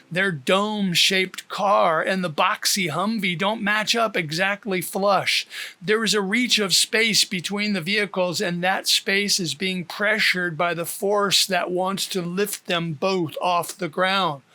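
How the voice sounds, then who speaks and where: A man reading his own novel aloud as an audiobook, in a steady, plain storytelling manner. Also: high-pitched. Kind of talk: audiobook narration.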